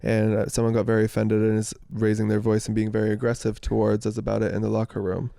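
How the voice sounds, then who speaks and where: A man's voice: lowish voice, monotone, fast, creaky, warm tone, no echo, studio quality. A man co-hosting a podcast, animatedly retelling a story and acting out what others said. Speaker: podcast co-host. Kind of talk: casual storytelling chat.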